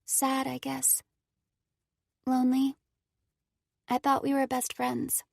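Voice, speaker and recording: A woman voicing a hurt young girl in a hospital bed, speaking quietly with slightly slurred words. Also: high voice, monotone, slow, vocal fry, no echo, clean studio sound, pitched above the performer's own voice, full character voice. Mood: subdued. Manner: quiet, guarded.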